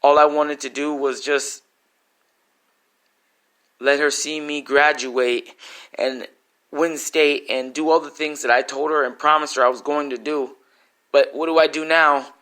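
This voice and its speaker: A man's voice: a little high, flat delivery, unhurried, pauses often, fairly bright tone, clean tone. A man performing an emotional spoken-word story, intense and pleading.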